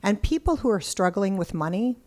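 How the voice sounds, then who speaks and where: A middle-aged woman telling a story as a podcast guest, excitable and blunt, cursing now and then. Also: mid-range voice, fairly quick. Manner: excitable, animated storyteller who acts out quotes. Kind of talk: casual interview storytelling.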